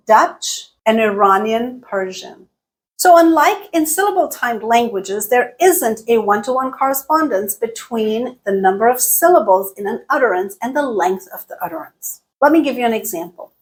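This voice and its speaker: A woman with a fairly high voice teaches English in an online lesson. She explains in a clear, deliberate way and slows right down to demonstrate example sentences.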